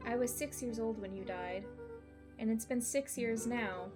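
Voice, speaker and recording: A woman voicing a quiet, sad twelve-year-old boy in a video game, reading his lines softly and earnestly. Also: a little high, unhurried, over music, natural voice.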